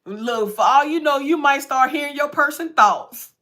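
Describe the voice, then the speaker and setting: A woman's voice: high voice, normal speed, pushed and bright. A woman giving a casual tarot reading, chatty and repetitive, often breaking into laughs. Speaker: tarot reader.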